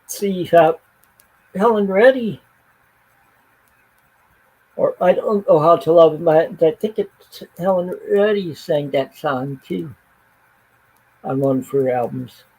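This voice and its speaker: A man hosts a relaxed chat about records and soundtracks. His voice is mellow and a little higher than most men's. He talks haltingly and leans on fillers as he gathers his thoughts. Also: breathy edge, rough recording. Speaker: show host. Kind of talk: casual chat. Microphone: streamed panel chat.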